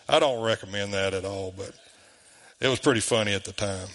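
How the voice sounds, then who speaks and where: A man's voice: on the low side, moderate pace, fairly bright tone. A man preaching a sermon in a folksy, conversational way, chuckling often. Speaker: pastor.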